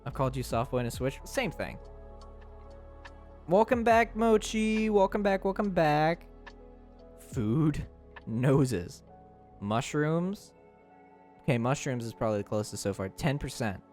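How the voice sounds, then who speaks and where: Laughing, lively young male streamer. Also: on the high side, a little slow, long pauses, soft background music. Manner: playful, teasing, laughs often, stumbles over words. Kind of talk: casual chat with live chat.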